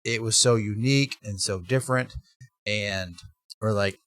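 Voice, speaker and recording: Animated lower-voiced man telling stories. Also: measured pace, dry recording. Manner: animated storytelling with laughs and restarts. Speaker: brewery owner, guest. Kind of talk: casual interview.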